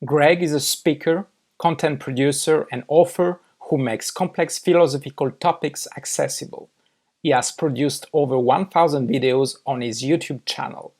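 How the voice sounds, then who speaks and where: A man's voice: fairly high pitch, normal speed, a little mellow. Light-voiced man with a French accent. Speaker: podcast host. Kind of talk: casual chat and scripted show intro.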